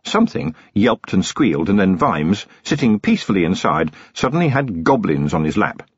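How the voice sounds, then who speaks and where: Guy reading an audiobook, husky, lots of ups and downs, dry dull lo-fi sound. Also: deep voice, normal speed, no room sound. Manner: expressive, characterful storytelling. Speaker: audiobook narrator. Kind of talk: audiobook narration. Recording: dull lo-fi close-miked recording.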